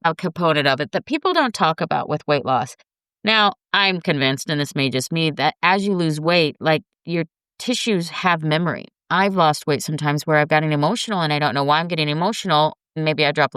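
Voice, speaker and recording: In a low-pitched, slightly bright, clean-toned voice, a middle-aged woman hosting a show gives her viewers earnest, relaxed coaching on health and weight loss, addressing them as "guys." The recording is dry and studio quality.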